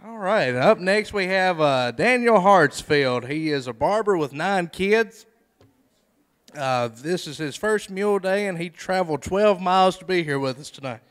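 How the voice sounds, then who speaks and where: A man's voice: sits high, animated, a little slow, a bit bright, clear, resonant tone, big-room sound. A male host introducing the next contestant on stage in a casual, upbeat way.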